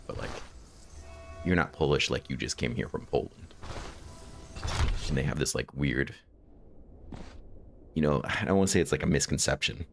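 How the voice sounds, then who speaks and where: Super low gravelly guy rambling while gaming, chill chat with viewers. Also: fairly bright tone, slight background noise. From United States. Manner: rambling, musing aloud between game remarks. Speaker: gaming streamer. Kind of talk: casual gameplay chat with viewers.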